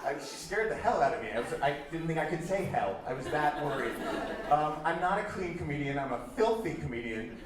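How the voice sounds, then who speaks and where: A man's voice: on the high side, expressive, fairly quick, very noisy. A man doing a chatty, self-deprecating stand-up comedy set on stage in a comedy club. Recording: echoey club from far off with crowd.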